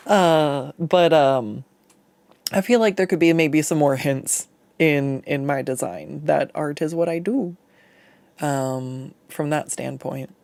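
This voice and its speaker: A VTuber artist talks loosely and ramblingly while drawing on stream, with frequent self-deprecating laughs and plenty of swearing. The voice sits at a middling pitch, and the sound is dry and close, with no room echo. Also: slow pace, creaky, a little mellow. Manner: rambling, loose, swears freely when annoyed.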